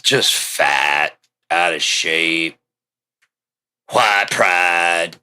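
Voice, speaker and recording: A man delivering a rambling, profane monologue, swearing constantly and breaking into loud outbursts. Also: low voice, extremely slow, smooth. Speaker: show host.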